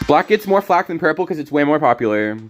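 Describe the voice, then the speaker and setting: A man's voice: fairly high pitch, expressive, quick pace, faint music behind. A young American man casually commenting on his card game while reading and answering chat, joking and chatty. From American South. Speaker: streamer.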